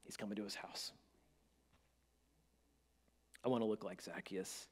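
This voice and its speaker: A man preaching a sermon as pastor, dropping to a hush and then rising to emphatic peaks, with stammering restarts. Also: fairly low pitch, steady tone, fast talker, slightly rough. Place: church sanctuary. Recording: long church-hall reverb.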